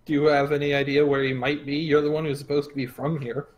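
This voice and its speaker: A man's voice: fairly high pitch, flat delivery, fast. A man describes his character's actions in a tabletop game. He hesitates and fills his sentences with "like" and "sort of". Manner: hesitant, filler-heavy describing. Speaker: player. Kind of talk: casual tabletop play.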